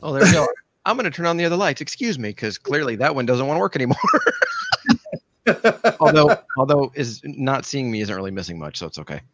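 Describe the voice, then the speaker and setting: A man's voice: medium pitch, sing-song, brisk, no room sound. A man joking playfully in a casual video-call chat. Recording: dull lo-fi call audio.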